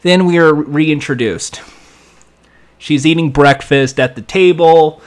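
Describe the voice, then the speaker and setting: A man with a slightly high voice recaps a show in a loose, rambling way. He is sarcastic throughout and adds sound effects and quick impressions as he goes. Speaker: show reviewer. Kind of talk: casual recap and commentary.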